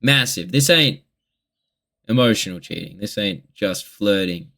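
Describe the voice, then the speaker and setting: Young Aussie male vlogger with a lowish voice, rambling and swearing through a candid confessional. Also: animated, unhurried, creaky, pushed and bright. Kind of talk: casual confessional monologue.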